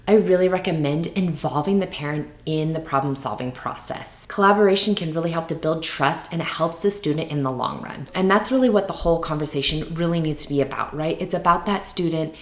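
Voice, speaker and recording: A woman with a notably low voice gives teaching advice straight to camera in a relaxed, conversational way. She keeps tossing in little tag questions to check in with viewers, and her voice rings off the walls of an echoey room. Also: fast talker, hardly any pauses. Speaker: teacher and channel host. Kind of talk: advice video talking to camera.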